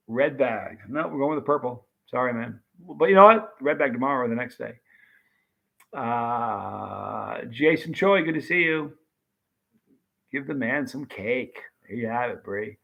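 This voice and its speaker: Here a man with a mid-range voice and vocal fry runs a late-night stream, and the audio lacks its high end. Going through viewer comments, he chats casually and thanks people by name.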